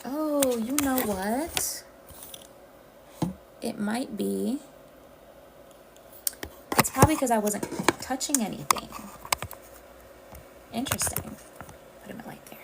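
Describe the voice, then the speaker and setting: A woman's voice: on the high side, takes it slowly, gravelly, pauses often, very noisy. A woman from the Caribbean, hosting a casual livestream and chatting directly with her viewers. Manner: chatty, addresses viewers as y'all. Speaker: livestream host.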